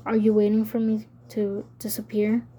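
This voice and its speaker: Woman reading defiant teenage girl, cold, menacing, mellow voice, flat pitch. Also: normal speed, slightly rough, natural voice. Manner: cold, threatening.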